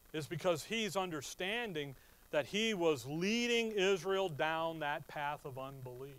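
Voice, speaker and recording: Male Bible teacher, slightly high-pitched, conversational, slows for emphasis. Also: fairly bright tone, poor audio. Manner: conversational teaching, rising to slow emphatic stress. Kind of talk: sermon.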